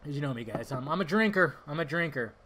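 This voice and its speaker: Quick, lively, and pushed, this young adult man's bright, fairly high voice carries his own podcast. He wanders casually from one topic to the next, full of tangents and swearing.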